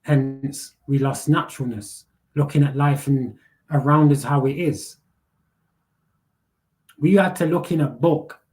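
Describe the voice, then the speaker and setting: A man's voice: mid-range voice, measured pace, long pauses, darkish tone. A young man, hosting a live panel and ranting bluntly with heavy swearing, street slang and repeated words. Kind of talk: casual rant.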